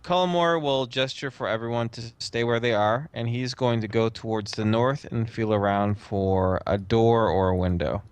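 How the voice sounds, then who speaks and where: A man's voice: lowish voice, moderate pace, few pauses, smooth, dry recording. A man playing a tabletop game, describing what his character does in the third person. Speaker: player. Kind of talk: casual tabletop role-play.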